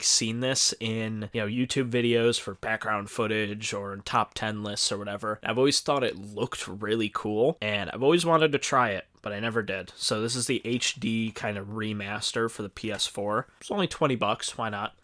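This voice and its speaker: A man's voice: medium pitch, fairly bright tone. A young man in casual chat, showing off his game pickups in a rambling, laid-back way with lots of fillers.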